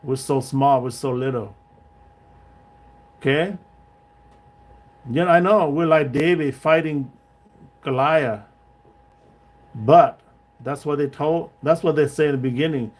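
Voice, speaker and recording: A man's voice: a little high, takes it slowly, long pauses. A man hosting a livestream, giving his opinions in broken, non-native English, with many restarts and direct checks with his viewers. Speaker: livestream host. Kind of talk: casual opinion monologue.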